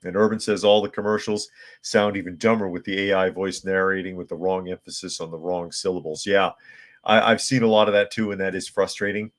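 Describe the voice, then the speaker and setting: A man's voice: low-pitched, flat delivery, fairly quick. A man hosting a live podcast, reading viewer comments and news articles aloud with blunt opinions and frequent restarts. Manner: frequent restarts and filler words. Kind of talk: casual live-stream commentary.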